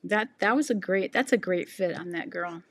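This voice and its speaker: A woman's voice: on the low side, normal speed. A woman in her sixties who is losing her voice, hosting a casual sewing livestream, rambling with many ums and restarts while she reads viewer comments. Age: 60s. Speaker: sewing channel host.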